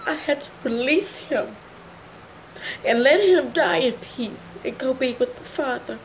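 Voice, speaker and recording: Host, woman, middle-aged, emotional testimony, slightly high voice, faint background hiss. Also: animated, measured pace, rough recording. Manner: emotional, direct address to viewers. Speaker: channel host. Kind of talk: personal testimony vlog.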